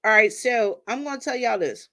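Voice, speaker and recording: A woman's voice: fairly high pitch, lively intonation, normal speed, bright, forceful tone. A woman hosts a casual livestream from home, talking to her viewers like family. She greets them by name and drops churchy phrases into the chat, recorded on a simple phone or webcam mic. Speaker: livestream host.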